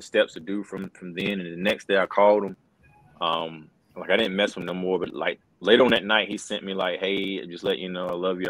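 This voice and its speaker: Recorded dry and with poor audio, a middle-aged man with a low-pitched, fairly bright voice recounts a story in a casual interview. A wrestling commentator, he's earnest and loose, leaning on "bro" and "man."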